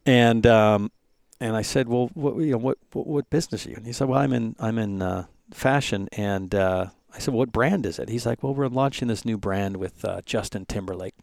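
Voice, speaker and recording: A man's voice: fairly low pitch, normal speed, vocal fry, few pauses, no echo, clean studio sound. A man in his forties, telling a story casually and animatedly, acting out the other people's lines. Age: 40s. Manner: animated, acts out voices in his stories. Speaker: podcast guest.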